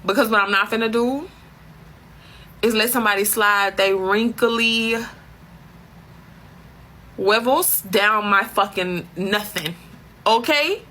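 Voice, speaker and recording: A woman's voice: mid-range voice, takes it slowly, pauses often, pushed and bright, a little hiss or hum. A woman telling a comic story as a profane, exasperated rant full of slang. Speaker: comedic storyteller.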